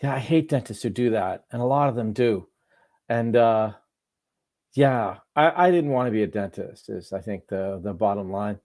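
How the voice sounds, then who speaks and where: A man being interviewed as a guest author, answering in a relaxed, self-deprecating way. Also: fairly low pitch, moderate pace. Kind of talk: conversational interview.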